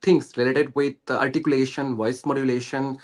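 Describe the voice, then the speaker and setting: A man's voice: mid-range voice, little pitch movement, fairly quick. A young man from West Bengal with an Indian English accent, earnestly explaining his learning journey in a casual conversation, with many hesitations and fillers. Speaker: guest.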